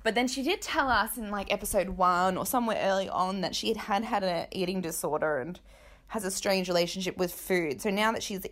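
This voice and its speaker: Chatty woman gossiping, bright. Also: mid-range voice. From Australia. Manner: candid, chatty, joking, quick asides. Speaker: podcast host. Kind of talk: casual gossip commentary.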